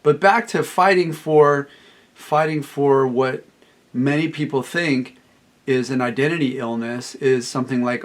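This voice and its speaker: A man's voice: mid-range voice, unhurried. A middle-aged man talking as a recovery coach, emphatic and repetitive, quoting clients in a raised voice. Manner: emphatic, repeats phrases, quotes clients in a raised voice. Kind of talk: solo talk to camera.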